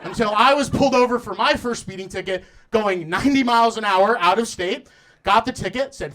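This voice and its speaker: A man's voice: high voice, a little fast, sharp tone. A young man performing a stand-up comedy set on a club stage, acting out voices and laughing through his lines. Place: comedy club stage in front of a live audience.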